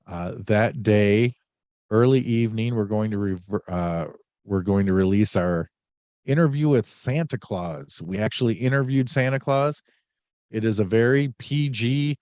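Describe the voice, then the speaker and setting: A man's voice: fairly low pitch, darkish tone, no room sound, dull audio. A man hosting a podcast in casual chat, a little under the weather, rambling and joking with many fillers. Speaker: podcast host.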